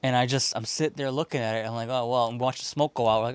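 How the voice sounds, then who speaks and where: A man's voice: mid-range voice, very fast, smooth, no echo. Profane storytelling man, dry close sound. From Chicago. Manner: profane, rambling, animated retelling with quoted voices. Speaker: podcast host. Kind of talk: casual storytelling.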